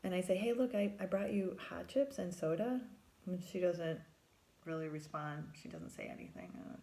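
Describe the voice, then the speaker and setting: A middle-aged woman tells a personal story in a low voice with a gravelly edge. She speaks as a therapist recalling her work. She acts out her own lines a step higher and sinks to a hushed whisper for her private thoughts. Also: moderate pace.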